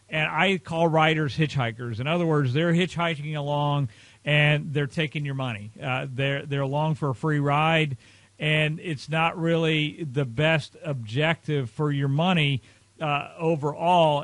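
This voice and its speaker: Male presenter, slightly higher pitch, earnest and emphatic with casual fillers, dry close recording. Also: fairly bright tone, no room sound. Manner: earnest, emphatic, frequent uh and you know. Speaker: financial advisor presenting a video series. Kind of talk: explanatory talk to camera.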